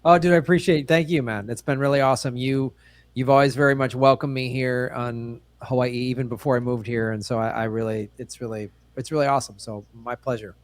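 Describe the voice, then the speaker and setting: A man's voice: medium pitch, steady tone, fairly quick, no echo. Guy guesting on a podcast, earnest and encouraging, stumbles over words a bit, dry close mic. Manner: earnest, encouraging, repeats words while thinking. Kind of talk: podcast interview chat.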